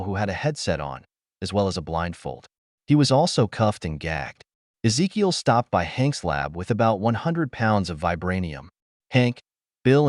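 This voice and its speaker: A man narrating a fan fiction audiobook with steady storytelling. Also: lowish voice, no room sound, clean studio sound.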